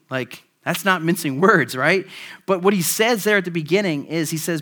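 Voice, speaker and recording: A man's voice: a little high, moderate pace, pushed and bright. A man preaching a sermon in a casual, conversational way, with frequent "like" and "right?" tag questions. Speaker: pastor.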